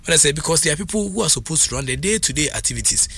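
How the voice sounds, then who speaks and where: A man with a Ghanaian accent talks sport in a loose, unscripted way. His voice is bright and forward, with a husky edge. He is animated and switches easily between English and Twi. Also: fairly high pitch, very fast. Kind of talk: casual chat.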